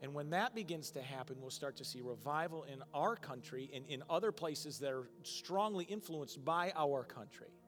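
A man preaching a sermon in a slightly raised voice. His delivery is emotional and swings from hushed, tender passages to loud, emphatic declarations. Faint music sits under his voice. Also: on the high side, expressive, normal speed, few pauses. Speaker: pastor.

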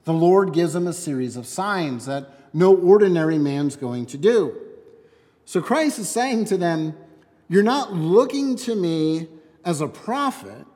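A man's voice: on the high side, lively intonation, unhurried, darkish tone, long reverb tail. A man teaching from scripture in a conversational, emphatic way, often asking rhetorical questions. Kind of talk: expository Bible teaching.

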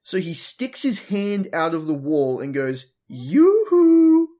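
A woman's voice: low voice, expressive, measured pace, darkish tone. A young adult woman hosting a podcast, recapping an episode bluntly with swearing and mockery. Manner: blunt, swears, mocking, does funny voices. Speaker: podcast host.

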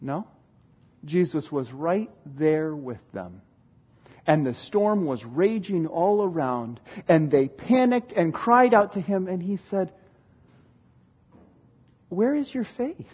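Husky high-voiced pastor preaching slowly. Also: male voice, expressive, lo-fi sound. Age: adult parent. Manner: dramatic, shifts from loud retelling to hushed emphasis. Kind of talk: sermon.

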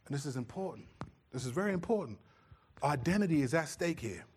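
This middle-aged man speaks fast at a fairly high pitch, with slight noise in the background. Preaching as a pastor, he spins lively anecdotes and mimics the way he scolds as a father.

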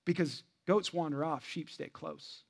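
A man, preaching a sermon to a crowd. He swings from loud shouting down to a hush and puts questions to the listeners. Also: a little high, fairly even intonation, measured pace, vocal fry, husky. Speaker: pastor.

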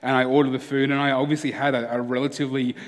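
A man's voice: mid-range voice, little pitch movement, very fast, big-room sound. A man preaching a sermon as a pastor, conversational and earnest, often restarting his sentences.

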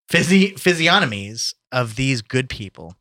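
A man's voice: medium pitch, very animated, a little slow, bright, forceful tone. A man reading an old novel aloud, stumbling over hard words and breaking into profane outbursts. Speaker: reader. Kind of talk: comedic book reading with banter.

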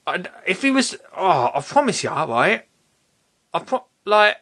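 A man hosting a podcast, telling a story in a casual, animated way and laughing often. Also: high voice, measured pace. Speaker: podcast host.

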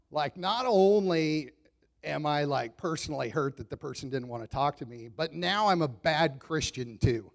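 A man in his thirties preaching a sermon in a relaxed, conversational storytelling way, self-deprecating and chuckling often. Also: a little high, vocal fry. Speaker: pastor.

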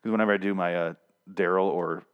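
A man's voice: low voice, steady tone, fast talker, clear, resonant tone, highs cut off. A young man hosting a show, giving a casual, rambling recap and rant full of swearing and restarts. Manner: profane, rambling, self-interrupting. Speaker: podcast host.

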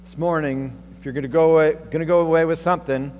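A man's voice: on the high side, fairly even intonation, fast, a little mellow, highs cut off. A male pastor preaching a sermon in a conversational way, thinking aloud and asking rhetorical questions. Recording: long reverb and faint mains hum.

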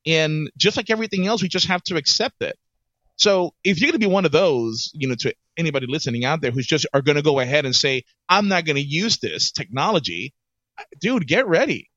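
A man co-hosting a casual podcast chat as an HR professional, animated and repeating his words as he starts each thought. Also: on the high side, brisk, no room sound. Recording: dull, slightly lo-fi dry sound.

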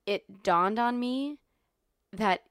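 A woman's voice: a little high, extremely slow, clear, resonant tone, dry recording, studio quality. A woman co-hosting a podcast in casual chat, a yoga instructor who giggles and over-explains her stories.

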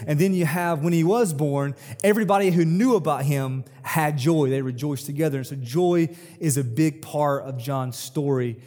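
A man's voice: a little high, moderate pace, hardly any pauses, darkish tone. Pastor, male, casual storytelling sermon with emphatic peaks, voice ringing in a large hall. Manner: conversational, personal stories, rising emphasis when quoting. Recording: long hall reverb.

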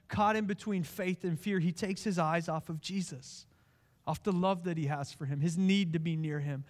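Man, pastor, preaching a sermon, impassioned, hushed to pleading, a bit high-pitched.

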